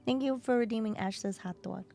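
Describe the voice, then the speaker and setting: A woman streamer in casual live-stream chat, relaxed, affectionate and chatty. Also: a little high, brisk, gravelly, soft background music.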